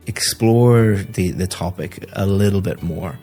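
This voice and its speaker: A man with a very low voice works through a student's speaking test point by point. He stays calm and methodical and often repeats a word while he finds the next one. Soft music plays underneath. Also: unhurried, slightly rough. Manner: calm, methodical, repeats words when thinking. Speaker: IELTS teacher giving feedback. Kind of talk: speaking test feedback and course promo.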